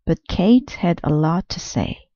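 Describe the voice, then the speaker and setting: Slow, gentle woman reading a picture book aloud. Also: lowish voice, lively intonation, no echo, dull audio. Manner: slow, careful, clear storytelling. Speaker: storyteller.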